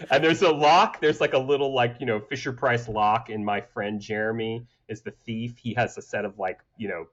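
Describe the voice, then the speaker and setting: A man's voice: fairly low pitch, moderate pace, few pauses, fairly bright tone, slight background noise. A man from Atlanta telling stories in a casual podcast chat, acting out quotes with laughter and swearing. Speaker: podcast guest.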